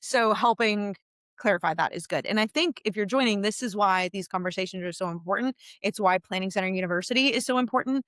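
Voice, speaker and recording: A woman's voice: medium pitch, fast talker, a bit bright, no echo. A woman hosting a casual live interview, chatty and enthusiastic. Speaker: host.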